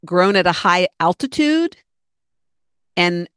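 Middle-aged female podcaster, low-pitched, chatty and rambling, earnest solo talk, dry close sound. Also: lively intonation, takes it slowly, fairly bright tone, smooth, no room sound. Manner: chatty, rambling, earnest, acts out her own thoughts. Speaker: podcast host.

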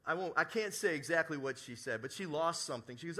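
A middle-aged man preaches a sermon, spinning a personal story with humor and asides. His voice is bright and forceful, sitting a little high for a man. He speaks to a church congregation. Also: moderate pace. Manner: storytelling, animated, jokey asides. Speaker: pastor. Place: church service before a congregation.

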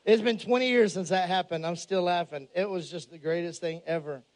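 A man preaching a humorous storytelling sermon, animated and joking, shouting some lines for emphasis. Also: sits high, brisk. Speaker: pastor.

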